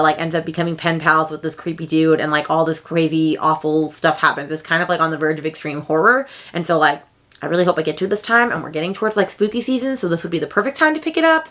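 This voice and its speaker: A young woman who vlogs about books chats casually, excitable and quick, letting out sudden high-pitched exclamations.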